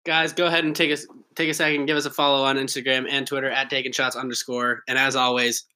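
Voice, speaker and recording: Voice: mid-range voice, little pitch movement, quick pace, bright, forceful tone. A podcast co-host in casual banter, teasing the other host.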